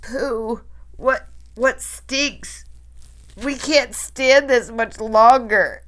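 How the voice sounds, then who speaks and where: A woman voicing a disgusted female witch in a crowd, speaking with a high, nasal, complaining tone. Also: extremely slow, a bit bright.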